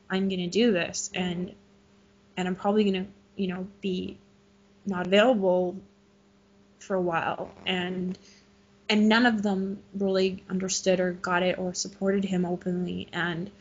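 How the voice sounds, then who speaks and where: Woman guest, middle-aged, animated storyteller, breathy voice, muffled lo-fi audio. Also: medium pitch. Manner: animated, laughing, gushing. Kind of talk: casual interview storytelling. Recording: muffled lo-fi recording.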